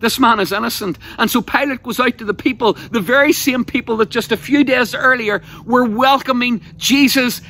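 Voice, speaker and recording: A man preaches with a bright, forceful voice that cuts through. He tells the story with passion and paints vivid scenes for his listeners. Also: very high-pitched, fairly even intonation, moderate pace, few pauses. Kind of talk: evangelistic sermon.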